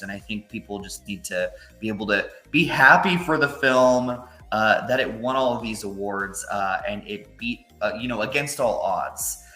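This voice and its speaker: A man co-hosting a casual film discussion podcast, speaking in a measured, agreeable way with many fillers. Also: mid-range voice, sharp tone. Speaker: podcast co-host. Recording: roomy echo.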